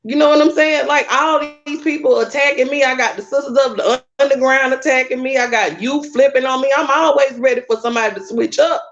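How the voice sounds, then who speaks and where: A woman's voice: high voice, steady tone, brisk, few pauses. Heated woman on a lo-fi call. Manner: emotional, confrontational, repeats herself. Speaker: guest. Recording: dull lo-fi online call audio.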